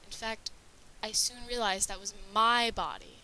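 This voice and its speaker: A woman's voice: on the high side, fairly even intonation, unhurried, sharp tone, rough recording. A woman narrating a scripted horror story with a dramatic reading manner.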